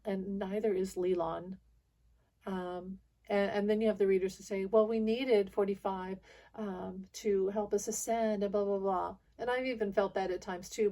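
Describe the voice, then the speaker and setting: A woman's voice: medium pitch, steady tone, moderate pace, dark tone. A woman hosting her own spiritual video channel, talking to viewers in a rambling, frustrated monologue full of restarts and little laughs.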